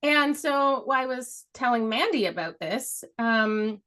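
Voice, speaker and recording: A woman's voice: on the high side, animated, takes it slowly, fairly bright tone. Chatty laughing woman telling a story. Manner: rambling storyteller, laughs often, swears casually. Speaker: podcast co-host. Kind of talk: casual chat.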